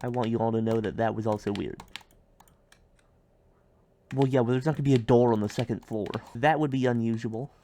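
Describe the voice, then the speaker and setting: A man's voice: mid-range voice, steady tone, fairly quick, pauses often, a little hiss or hum. Goofy rambling man streaming a game. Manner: goofy, rambling, bursts of silly loud outbursts. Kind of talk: casual gameplay commentary.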